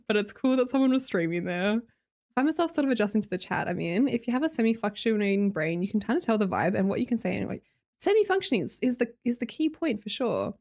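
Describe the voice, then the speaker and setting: Lively Australian woman chatting with her stream. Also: sits high. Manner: chatty, laughs often, trails off and restarts. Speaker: live streamer. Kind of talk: casual live-stream chat, reading viewer messages aloud.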